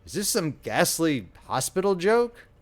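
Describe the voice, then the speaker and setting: A frantic, horrified father, as a male narrator puts him on, crying out hoarsely in raised, strained bursts. His voice climbs high in panic and disbelief. It is a storybook audiobook part. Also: big pitch swings, unhurried.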